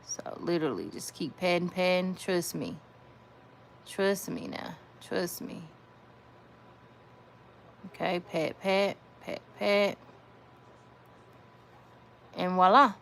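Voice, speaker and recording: A woman's voice: fairly low pitch, animated, slow, gravelly, pauses often, a bit bright. A woman giving a casual nail art tutorial, chatty, repeating her phrases and talking to viewers as y'all. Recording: faint background noise.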